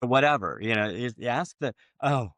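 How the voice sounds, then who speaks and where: A man hosting a podcast, chatting casually and acting out both sides of sales conversations, with many halting restarts. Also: mid-range voice, lively intonation, fairly bright tone, no echo. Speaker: podcast host.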